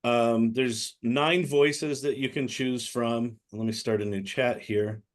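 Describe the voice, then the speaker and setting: A man on a group video call explains things in a halting, casual way. He stops and restarts often, filling gaps with fillers. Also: medium pitch, fairly even intonation. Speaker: meeting participant demoing a tool.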